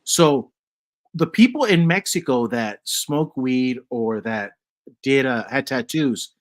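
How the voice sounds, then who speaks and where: A man's voice: medium pitch, lively intonation, slow. A man hosting a casual chat podcast, rambling through stories with lots of fillers. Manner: rambling, many fillers and restarts. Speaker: podcast host.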